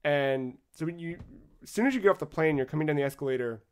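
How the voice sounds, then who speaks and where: A man co-hosting a podcast, telling a travel story in a casual, animated way with frequent swearing. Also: fairly high pitch, fast, clear, resonant tone. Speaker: podcast co-host.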